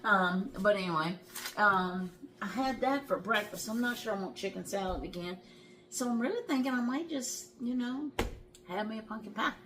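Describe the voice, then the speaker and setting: A woman's voice: medium pitch, normal speed, noisy background. A middle-aged woman hosting a home cooking vlog in her kitchen, chatty and folksy, calling her viewers y'all and laughing easily. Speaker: home cooking show host. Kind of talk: casual cooking vlog chat.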